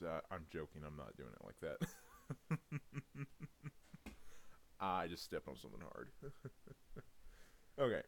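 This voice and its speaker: Man, very low voice, unhurried, rambling casual talk, faint hiss. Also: huge pitch swings, vocal fry. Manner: rambling, laughs often between words. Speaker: audio content creator. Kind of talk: casual reading challenge.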